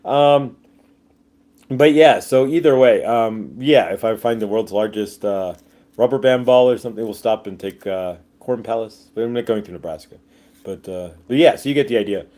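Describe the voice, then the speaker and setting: A man's voice: fairly low pitch, normal speed, dark tone. A man hosting a casual livestream, rambling with many fillers and jokey asides, reading viewer comments aloud. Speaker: livestream host.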